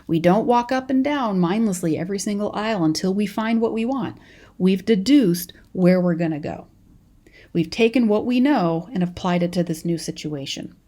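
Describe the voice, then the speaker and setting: A woman's voice: mid-range voice, lively intonation, moderate pace, dark tone. A young adult woman from California with a Californian accent, teaching a college lecture in a chatty storytelling way with frequent restarts. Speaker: college professor. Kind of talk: recorded lecture.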